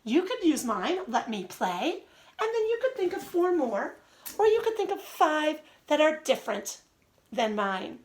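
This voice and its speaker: A young adult woman teacher giving a reading lesson to young children, reading aloud slowly in a sing-song way with drawn-out words. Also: high voice, very animated.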